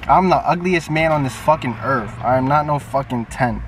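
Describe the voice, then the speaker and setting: Young new guy on a phone video chat, brash and cussing a lot, kinda high voice, sounds far from the mic. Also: normal speed. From New York. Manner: brash, profane, teasing. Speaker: YouTuber. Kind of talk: casual video chat with strangers. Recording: distant phone mic, faint background noise.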